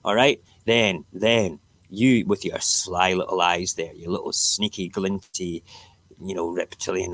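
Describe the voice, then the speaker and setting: A man's voice: low voice, steady tone, measured pace, a bit bright. A middle-aged man with an Edinburgh Scottish accent, hosting a casual live stream, reading the newspapers aloud and joking and ranting back at his chat. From Scotland. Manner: ranting, jokey, talks back to chat viewers.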